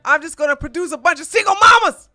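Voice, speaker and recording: A woman doing a mocking impression of a pushy billionaire who demands more babies, rambling quickly. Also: very high voice, lively intonation, sharp tone, no echo, clean studio sound, pitched above the performer's own voice, heavily acted.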